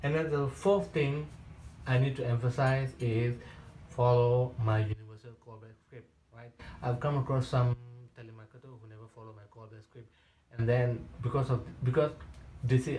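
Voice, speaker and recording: A man's voice: medium pitch, steady tone, moderate pace, warm tone. A man coaching real estate agents in a question-and-answer session. He repeats points for emphasis, restarts his sentences and ends many lines with a questioning "right?". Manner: repetitive and emphatic, with frequent restarts. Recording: roomy echo.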